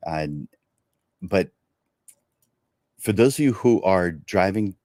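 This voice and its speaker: Low-voiced earnest man coaching viewers. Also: animated, slow pace, a little mellow, no room sound, clean studio sound. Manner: earnest, coaching, many restarts. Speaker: host of a photography livestream. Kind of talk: livestream talk to viewers.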